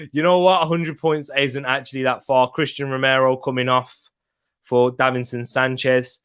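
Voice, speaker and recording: A man's voice: medium pitch, level tone, normal speed, fairly bright tone, smooth. A young man hosting a live football watch-along, chatting casually and answering viewers' comments by name.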